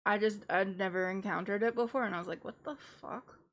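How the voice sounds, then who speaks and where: A woman on a live stream chats in a loose, playful way with frequent giggles. She slows down to sound out French phrases, and her voice sits at an ordinary middle pitch. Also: fairly bright tone. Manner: chatty and playful, giggly asides. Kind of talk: casual live-stream chat.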